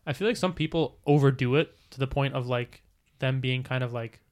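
Young male podcast co-host, fast and chatty, rambling delivery. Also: medium pitch, a little mellow. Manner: rambling, full of "like" and restarts. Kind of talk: casual chat.

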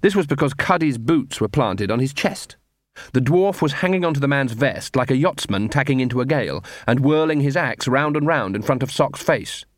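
Male audiobook narrator, measured delivery, mid pitch, dry studio sound. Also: animated, dry recording. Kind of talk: scripted narration.

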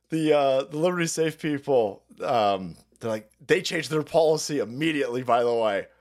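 A middle-aged man hosting a profane political livestream, loud and rambling, reading out viewer messages with frequent laughter. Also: medium pitch, expressive, normal speed, hardly any pauses. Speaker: livestream host.

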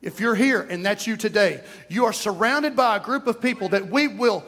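High-voiced East Texan pastor. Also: male voice, moderate pace, fairly bright tone. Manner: folksy, joking, conversational. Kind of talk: sermon. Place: church sanctuary.

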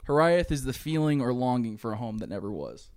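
Animated young man retelling a movie. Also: mid-range voice, a little fast, no room sound. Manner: animated storytelling, acting out characters' lines, frequent swearing and laughs. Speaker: podcast co-host. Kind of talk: casual chat retelling a movie plot.

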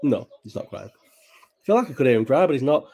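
A man's voice: mid-range voice, sing-song, a little fast, vocal fry, darkish tone, breathy edge. A man, rambling and chatty and swearing freely while hosting a casual late-night live chat from home. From Bolton, England. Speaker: live stream host. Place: at home at night, child nearby.

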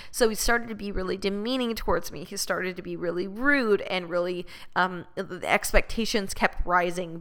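A woman's voice: mid-range voice, bright, forceful tone, clean tone. A woman podcast host telling a personal story to her listeners, blunt and profane, slipping into rants.

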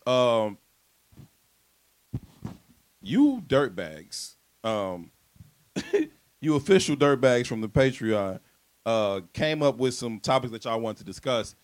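Very animated yet slow, with long pauses, this man's mid-range voice co-hosts a casual podcast. He comes across laid-back and reflective, often starting his thoughts over.

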